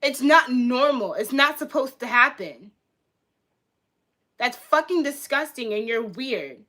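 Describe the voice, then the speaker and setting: A young woman on a live stream ranting in a heated way, swearing often and going back over the same points. Her voice sits a little high for a woman. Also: lively intonation, slow pace, pushed and bright. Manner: heated, profane, repeats herself. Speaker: livestreamer. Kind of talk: casual live-stream reaction rant.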